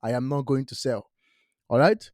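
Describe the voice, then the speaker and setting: This crypto host's voice is medium-pitched and darkish, at a moderate pace with no echo. Talking directly to the camera about investments, he is emphatic and repetitive, uses non-native grammar, and frequently checks in with "all right?".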